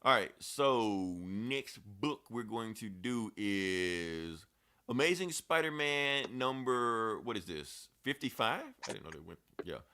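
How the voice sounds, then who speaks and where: A man's voice: on the low side, expressive, slow, pushed and bright, clear, resonant tone. A man hosting a podcast, recapping a comic book in a loose, profane, chatty way. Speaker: podcast host. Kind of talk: casual comic book review chat.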